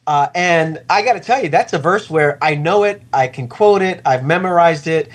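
A man who is a pastor, speaking in an earnest, reflective way in a conversational interview and slowing down to stress his points. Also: on the high side, lively intonation. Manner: earnest, reflective, slows for emphasis.

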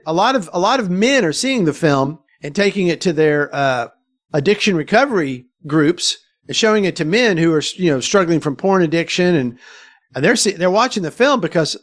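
A middle-aged man, a filmmaker guest, telling stories in an interview, animated and quoting others as he goes. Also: sits high. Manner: animated, quotes others, frequent restarts. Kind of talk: conversational interview storytelling.

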